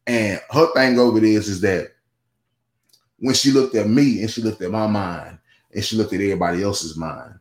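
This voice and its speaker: Man, fairly low voice, casual podcast chat, rambling, roomy echo. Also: normal speed. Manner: rambling, with many restarts and "you know what I'm saying". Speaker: guest.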